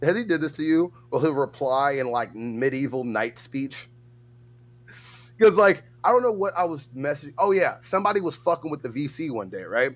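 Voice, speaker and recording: Animated slightly high-voiced man. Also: moderate pace. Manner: animated storytelling, laughs often. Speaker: co-host. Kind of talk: casual chat.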